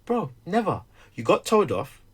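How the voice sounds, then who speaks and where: A man's voice: sits high, huge pitch swings, measured pace, slightly rough. A middle-aged man, talking candidly about being a dad, who tells stories animatedly and acts out the dialogue. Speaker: stay-at-home dad. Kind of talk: candid conversation.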